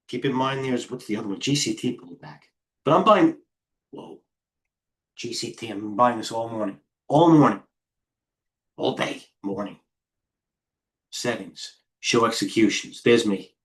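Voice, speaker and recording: A middle-aged man hosting a live trading stream, firing off quick stock calls and muttering to himself as he trades. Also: medium pitch. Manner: rapid-fire ticker calls, talks to himself. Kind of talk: live market commentary while trading.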